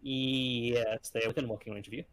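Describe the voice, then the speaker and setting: A man running a tabletop game as game master, easygoing and often pausing with fillers. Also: medium pitch, fairly even intonation, a bit bright.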